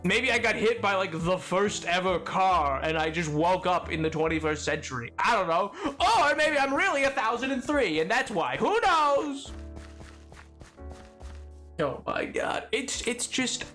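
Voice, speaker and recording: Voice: mid-range voice, sing-song, measured pace, bright, forceful tone, soft background music. A streamer chatting casually while gaming, playful and rambling, joking with old-timey slang and fancy words. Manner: laughs often, rambles.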